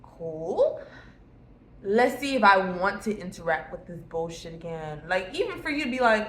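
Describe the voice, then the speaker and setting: A tarot reader gives viewers a casual reading in a blunt, emphatic way, swearing freely. Her medium-pitched voice is very animated and fairly bright, at a normal speed. The room is echoey with faint noise.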